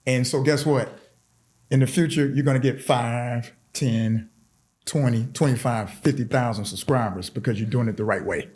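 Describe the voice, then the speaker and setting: A man's voice: mid-range voice, moderate pace, darkish tone. A man who is a podcast guest in casual chat, earnest and encouraging, often repeating words as he builds toward his point. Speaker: podcast guest, fraternity chapter president.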